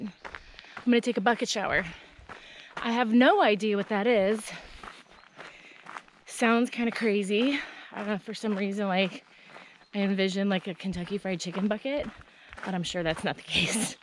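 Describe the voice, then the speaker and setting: A middle-aged woman talking to the camera on a long hike, chatty and excitable, telling stories as she walks. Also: medium pitch, normal speed, long pauses. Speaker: long-distance hiker vlogger. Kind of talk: casual trail vlog. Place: outdoors on a desert trail. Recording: outdoor noise behind the voice.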